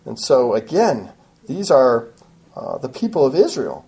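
A woman's voice: extremely low pitch, very animated, unhurried, dark tone, poor audio. A woman teaching a Bible passage in an expository sermon, preaching emphatically and adding frequent asides.

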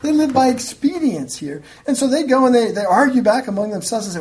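A woman's voice: on the high side, expressive, brisk, hardly any pauses, darkish tone. A woman teaching from the Bible in a conversational sermon, acting out quoted voices as she goes.

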